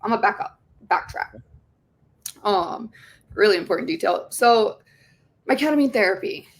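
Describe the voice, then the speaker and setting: A woman's voice: a little high, very animated, normal speed, creaky. A young woman, an interview guest, telling her own story in a rambling, emotional way, with frequent swearing and restarts. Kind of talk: candid personal testimony.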